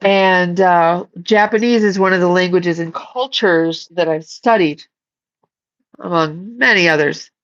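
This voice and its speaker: Slow-talking chatty woman. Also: on the low side, lo-fi sound. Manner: chatty, giggly, reads viewer comments aloud. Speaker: psychic livestream host. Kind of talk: casual livestream chat.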